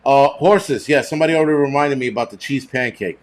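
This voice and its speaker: A middle-aged man hosting a casual livestream chat, ranting with heavy profanity and animated outbursts. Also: medium pitch, quick pace. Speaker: host.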